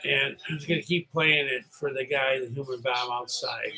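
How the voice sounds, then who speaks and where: A man's voice: mid-range voice, steady tone, normal speed, vocal fry, few pauses, pushed and bright, rough recording. A middle-aged man from upstate New York hosting a solo live stream, rambling and chatty after a few drinks. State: slightly tipsy.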